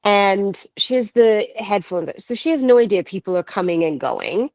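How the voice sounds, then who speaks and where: A woman in her thirties from Canada, telling a ghost-hunt story in an animated, chatty way, laughing often and quoting others. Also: medium pitch, moderate pace, no echo. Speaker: paranormal investigator guest. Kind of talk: casual storytelling.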